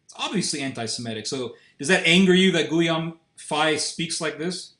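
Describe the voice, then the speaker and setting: A man's voice: on the high side, expressive, normal speed, sharp tone. A man interviewing a guest in a confrontational way, pressing and interrupting with challenges. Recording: roomy echoey sound.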